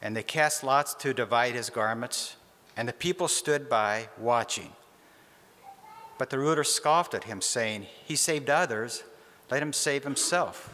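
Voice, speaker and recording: A man reading a scripture passage in a measured, solemn way. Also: mid-range voice, sharp tone, big-room sound. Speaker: scripture reader.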